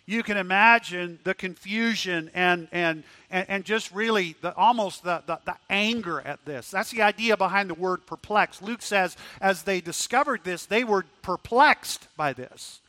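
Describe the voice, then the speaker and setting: Guy preaching, high voice, super bright and dry, goes loud then real hushed. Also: measured pace, few pauses, dry recording. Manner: dramatic swings from loud questions to hushed low tones; repeats words when restarting. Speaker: pastor. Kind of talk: sermon.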